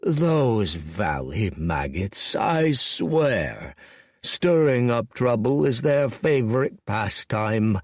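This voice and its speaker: A languid, self-satisfied dragon lord speaks in a slow, condescending drawl, as a man reads him in an audiobook. The voice sits low and unhurried, recorded close and dry. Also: expressive, no echo, full character voice. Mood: drawling, smug.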